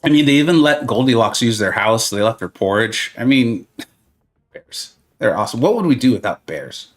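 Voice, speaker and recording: Over soft background music, a gaming streamer with an expressive, medium-pitched voice answers viewers' questions at a moderate pace. He jokes around, drifts off on goofy tangents, and gives friendly, reassuring advice.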